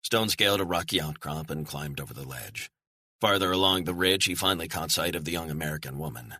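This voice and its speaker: A man reading a thriller audiobook in measured, storytelling narration. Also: rumbling low, sharp tone, dry recording, clean studio sound.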